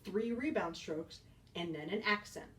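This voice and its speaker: A woman's voice: on the low side, a little slow, far from the mic, very noisy. A woman band teacher giving a beginner percussion lesson, upbeat and encouraging, counting beats aloud.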